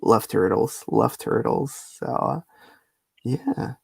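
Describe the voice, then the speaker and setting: Gravelly guy hosting a stream, chill, dry close mic. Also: mid-range voice, dry recording. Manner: relaxed, halting with fillers and repeats. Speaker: livestream host. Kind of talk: casual chat.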